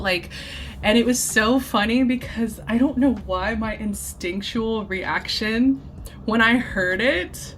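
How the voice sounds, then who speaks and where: A woman's voice: fairly high pitch, unhurried, fairly bright tone, slight background noise. A woman reading tarot from home in a casual, rambling, giggly way with lots of filler words. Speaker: tarot reader. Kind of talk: casual tarot channeling video.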